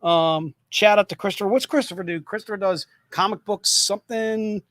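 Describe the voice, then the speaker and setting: A man's voice: sits high, normal speed, a bit bright, no echo. A man hosting a livestream sale of comic books, repeating prices and codes in an upbeat, joking manner. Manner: upbeat, repetitive hawking, joking asides. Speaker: host selling comic books. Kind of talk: livestream sales pitch.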